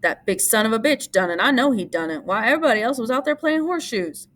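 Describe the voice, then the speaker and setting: A woman's voice: medium pitch, animated, brisk, fairly bright tone. A woman voicing a furious, hot-headed young man who pushes his lines hard.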